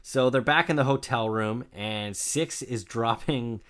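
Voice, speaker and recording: Laid-back male co-host, dry asides, middle pitch, steady plot recap. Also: measured pace. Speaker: podcast co-host. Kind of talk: casual chat recapping a TV episode.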